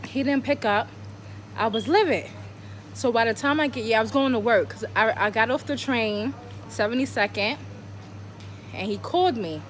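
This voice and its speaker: A woman tells a personal story in a casual vlog, animated and profane, full of dramatic rhetorical questions. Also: a little high, normal speed, long pauses. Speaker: vlogger telling a personal story.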